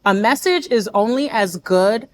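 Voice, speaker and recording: A woman from Nigeria speaks as a guest in relaxed conversation. Her voice rises and falls widely and sits a little high. She acts out the lines people might say. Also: measured pace. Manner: expressive, acts out quoted lines. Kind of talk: casual chat.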